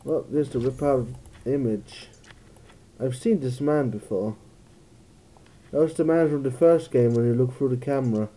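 Very dark-voiced man thinking aloud. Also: mid-range voice, normal speed. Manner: musing, thinking aloud, jokey asides. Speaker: let's play gamer. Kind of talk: casual gameplay commentary.

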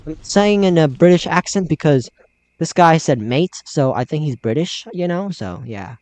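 A man's voice: fairly high pitch, lively intonation, moderate pace, a little mellow. Chatty man doing horror game commentary. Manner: chatty, reads game dialogue aloud. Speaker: gaming channel host. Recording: slightly dull game recording with faint music.

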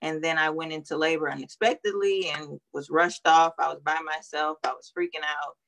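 A young woman with a low voice speaks over a video call. She is earnest and hesitant, with frequent ums, as she recounts her experience as an interview guest. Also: steady tone, normal speed, a bit bright. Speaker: guest, nurse sharing her story. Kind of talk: emotional interview testimony.

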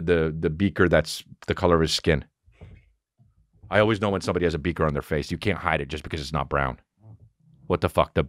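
A man hosting a podcast, telling rambling stories in a profane, animated, casual monologue. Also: fairly low pitch, dry recording, clean studio sound. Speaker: podcast host.

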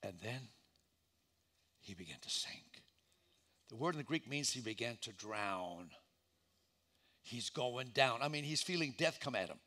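A man preaching a sermon as pastor in a church, telling a story dramatically and acting out the voices, swinging from shouts down to hushed lines. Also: mid-range voice, animated, measured pace, long pauses.

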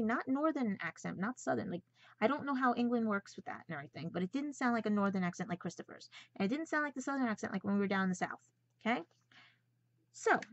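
A woman vlogger rants angrily and confrontationally at her audience, repeatedly addressing them as "guys." She speaks in a mid-range voice with no room sound, and the audio is dull, dry and lo-fi.

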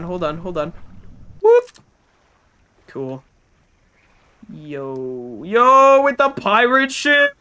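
A man's voice: high-pitched, pushed and bright. A man streaming live, chatting as he plays and talking back to game characters and his chat. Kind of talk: live gameplay commentary.

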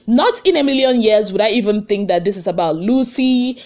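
A woman's voice: medium pitch, animated, fairly quick, a little mellow. A young woman with a Nigerian accent, chatting animatedly through celebrity gossip with rhetorical questions and pidgin asides. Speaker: entertainment gossip vlogger. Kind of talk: casual gossip commentary.

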